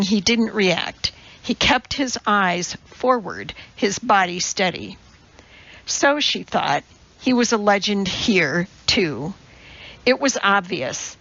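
A woman narrating a novel as an audiobook in a measured, even storytelling manner. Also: medium pitch, creaky, lo-fi sound. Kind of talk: scripted narration.

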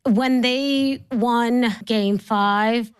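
Lively, laughing New York woman. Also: a little high, drawn-out words, very noisy. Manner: lively storyteller, laughs often, acts out voices. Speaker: podcast host guest. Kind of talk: casual interview chat.

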